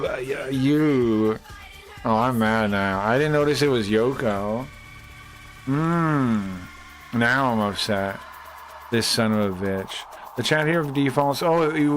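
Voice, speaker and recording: A man rambles casually to his live chat, swearing now and then and filling gaps with ums. His voice sits at an ordinary middle pitch. Faint music plays behind him. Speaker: streamer.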